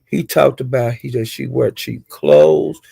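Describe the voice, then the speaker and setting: A man giving a casual, rambling gossip recap of livestreams, with animated retelling and frequent asides. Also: mid-range voice, unhurried, gravelly, husky, no room sound.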